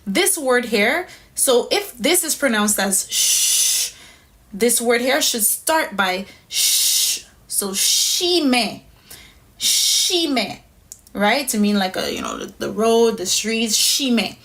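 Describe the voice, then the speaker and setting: Patiently and methodically, this woman teaches pronunciation one step at a time, frequently asking "right?" to check in. She takes it slowly in an expressive, somewhat high, slightly bright voice.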